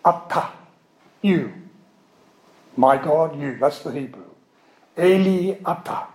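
Preaching in a slow, explanatory way, a man works through word studies step by step and drifts into asides here and there. His voice is a little high, expressive and slightly mellow, captured in a roomy space on a rough recording.

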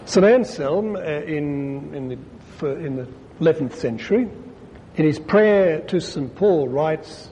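Wry priest preaching in a hall. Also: male voice, animated, a little slow, warm tone. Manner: conversational, wry asides, rises high for emphasis. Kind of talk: sermon. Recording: long hall reverb, faint low rumble.

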